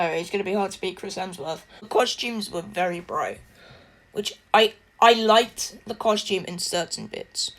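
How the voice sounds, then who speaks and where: Woman reviewer, conversational and effusive, mid-range voice, quick to laugh. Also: medium pitch. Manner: chatty and gushing, with frequent laughs. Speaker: film reviewer. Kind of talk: casual spoken film review.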